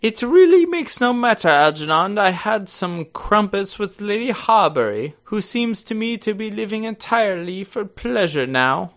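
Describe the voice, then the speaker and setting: A man's voice: very animated, moderate pace, few pauses, a bit bright, exaggerated voice. A man doing a haughty old aristocratic lady. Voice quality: high falsetto, prim and grand.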